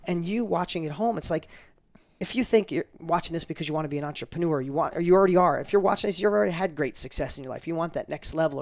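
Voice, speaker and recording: A middle-aged man with a slightly high, gravelly voice tells a personal story in an interview. He talks fast and with emphasis, repeating words as he builds, and acts out each exchange he quotes. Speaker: guest telling a personal story.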